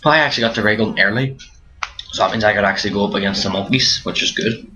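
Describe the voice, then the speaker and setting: A young gaming commentator, sounding tired, gives rambling remarks over a zombie game and often restarts his sentences. His voice is on the low side yet bright and forceful, with a quick pace, recorded on a dull lo-fi mic with faint hiss.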